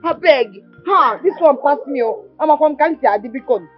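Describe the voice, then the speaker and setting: A woman's voice: high voice, animated, normal speed, faint music behind. An actress playing an exclamatory young woman with a Nigerian accent in a Nollywood film. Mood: excited. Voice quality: exclamatory, dramatic. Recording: muffled film audio.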